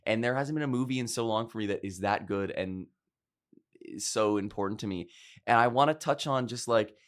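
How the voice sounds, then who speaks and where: A man's voice: lowish voice, fairly quick. A young man co-hosting a podcast, talking casually and earnestly with lots of feeling. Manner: earnest, animated, gets choked up with feeling. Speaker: podcast co-host. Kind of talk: casual chat.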